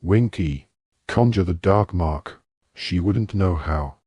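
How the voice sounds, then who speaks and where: A man voicing an excitable wizard official who talks breathlessly in rapid questions. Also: low-pitched, husky, no room sound, highs cut off, exaggerated voice. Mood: agitated.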